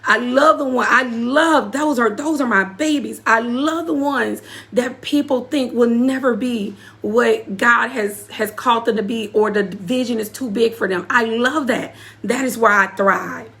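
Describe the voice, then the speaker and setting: A woman's voice: fairly high pitch, measured pace, gravelly, a bit bright. A woman giving an emotional personal testimony as an apostle and community leader, speaking straight to her live audience and repeating key phrases for emphasis. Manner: preacherly, speaks directly to the audience.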